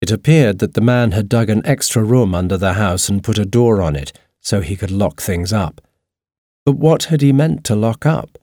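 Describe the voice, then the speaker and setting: A man narrating a storybook in a steady, even reading voice. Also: on the low side, moderate pace, no room sound, clean studio sound.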